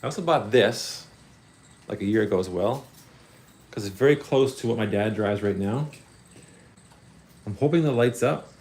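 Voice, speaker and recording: A man hosting a model railway livestream, chatty and excitable, greeting viewers by name and laughing often. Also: lowish voice, normal speed, pauses often. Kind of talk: casual live-stream chat with viewers.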